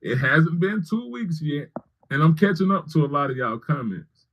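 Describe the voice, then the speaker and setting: This man's slightly high, somewhat bright voice comes across animated and moderately paced over lo-fi sound. He rants about politics on a livestream, calling out commenters by name, quarreling with them, and circling back to repeat his arguments.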